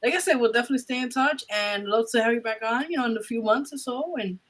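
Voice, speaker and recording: On a poor-quality recording, a fast-talking woman with a fairly high voice hosts a radio interview show. She keeps the chat casual and thanks her guest warmly and effusively, using plenty of fillers.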